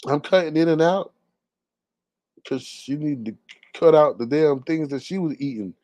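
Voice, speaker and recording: A caller on a live talk stream rants in an animated, casual way, loud and indignant, with a drawl that swings between outbursts and mutters. His slightly high voice moves at a normal speed. The recording is dry and close, with no room sound.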